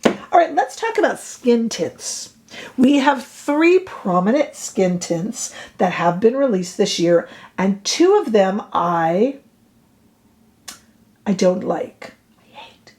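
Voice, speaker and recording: Woman doing a beauty review vlog, chatty, blunt opinions, playful drama, mid pitch. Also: a little mellow. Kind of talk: casual product review vlog.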